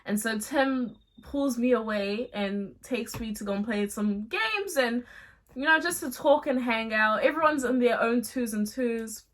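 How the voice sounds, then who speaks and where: A young woman with a slightly high voice spins a casual storytime for her vlog. She talks in an easy, slangy, animated way. She sounds like she is catching up with a close friend. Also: a little slow. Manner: chatty, animated, slangy storytelling with bursts of laughter. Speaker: vlogger telling a story.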